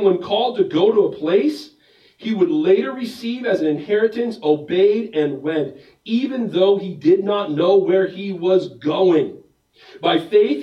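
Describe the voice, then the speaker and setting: Animated preacher man in an echoey hall. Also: high-pitched, dull audio. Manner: animated, joking storyteller acting out bits. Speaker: pastor. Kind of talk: sermon. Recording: roomy echo, mic at a distance.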